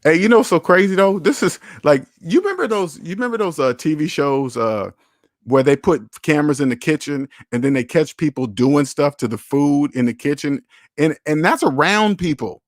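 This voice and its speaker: A man's voice: on the high side, lively intonation, moderate pace, no room sound, studio quality. A man hosting a casual livestream about money, talking bluntly and with lots of swearing, acting out both sides of phone calls. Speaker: finance channel host.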